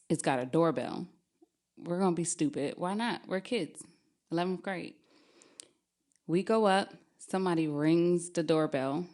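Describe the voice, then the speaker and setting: Low-voiced woman telling a spooky story. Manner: lively, laughs while telling.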